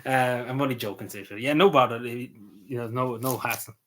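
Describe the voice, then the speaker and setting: A man with a Cavan Irish accent chatting casually on a live stream, answering comments in a halting way that trails off quietly at the ends of phrases. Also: medium pitch, a little hiss or hum. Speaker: livestreamer.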